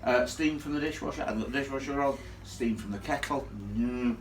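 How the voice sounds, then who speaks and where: A man telling a ghost story live to an audience in a chatty, animated way, laughing along with the crowd. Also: mid-range voice, brisk, a little hiss or hum. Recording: echoey room, from far off.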